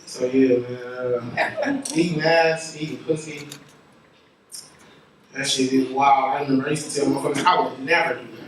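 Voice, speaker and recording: A man doing crude, animated stand-up comedy, jumping into high-pitched voices for the people in his stories. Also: moderate pace, pauses often, noisy background. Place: comedy venue with audience. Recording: far-off roomy live crowd recording.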